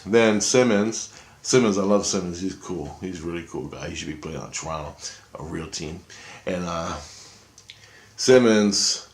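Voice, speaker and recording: Deep-voiced man rambling in an echoey room. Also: unhurried. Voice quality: profane, excitable, talks in restarts. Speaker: vlogger. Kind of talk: rambling first-person storytelling.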